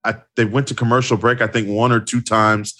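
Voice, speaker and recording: A man's voice: lowish voice, little pitch movement, a little fast, bright, forceful tone. A man co-hosting a casual podcast, agreeing readily and driving his points home by repeating them. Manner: emphatic, agreeable, repeats for emphasis. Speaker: podcast co-host. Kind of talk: casual wrestling podcast chat.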